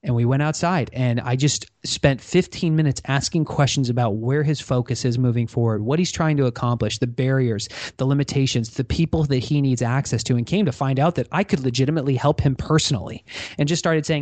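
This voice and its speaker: A man's voice: mid-range voice, brisk, no room sound. A man telling a story in a podcast interview, acting out the lines of the people in it. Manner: animated storyteller acting out quoted dialogue. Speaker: podcast guest. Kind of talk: conversational storytelling.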